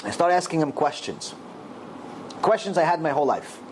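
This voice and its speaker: A man's voice: on the high side, lively intonation, moderate pace, background noise. A middle-aged man and rabbi giving a storytelling Torah lecture, acting out the dialogue in raised voices.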